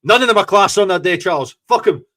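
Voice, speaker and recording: An excitable Scottish man with a slightly raised voice gives a running live reaction to a football match. He gloats, curses freely and gets swept up in each moment of the game. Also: sits high, fast. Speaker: fan podcast host.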